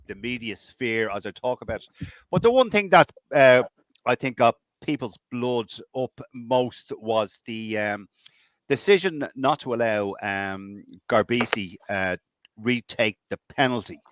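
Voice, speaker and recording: A man's voice: medium pitch, a bit bright, no echo. A man hosting a live online chat, talking in a teasing, rambling way over a video call. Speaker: host.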